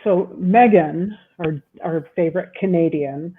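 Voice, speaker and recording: A woman co-hosting a casual podcast, rambling slowly and laughing at herself. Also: lowish voice, breathy edge. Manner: slow, rambling, self-amused. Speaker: podcast co-host. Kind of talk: casual chat. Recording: tinny phone-like line with faint noise.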